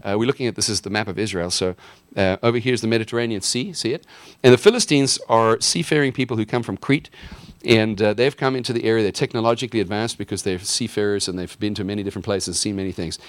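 A man's voice: on the low side, fast talker, dry recording. Chatty man teaching a Bible lesson, dry sound. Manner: enthusiastic, chatty, many fillers and restarts. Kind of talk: casual Bible lesson with a map.

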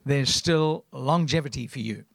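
A man in his seventies with a South African accent delivers a sermon as a guest preacher, rambling through anecdotes and often clearing his throat. His mid-range voice is unhurried, and the recording has no echo.

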